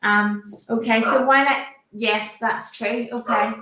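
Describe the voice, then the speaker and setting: A woman's voice: fairly high pitch, steady tone. Woman medium, echoey room. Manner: halting, gently reassuring, asks permission often. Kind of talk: live mediumship demonstration. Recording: roomy echo.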